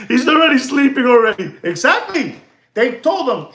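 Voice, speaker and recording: A man hosting a watch livestream in a casual, animated and rambling way, addressing viewers as ladies and gentlemen and dropping in Spanish phrases. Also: very high-pitched, takes it slowly, pauses often, roomy sound.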